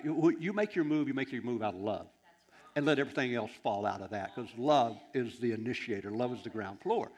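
A man preaching a sermon, telling a long story in a rambling, animated way with asides and laughter. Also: mid-range voice.

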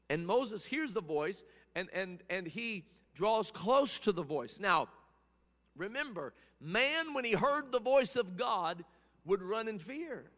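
A man preaching a sermon, swinging between hushed passages and loud, impassioned ones, often repeating words as he builds. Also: sits high, long reverb tail.

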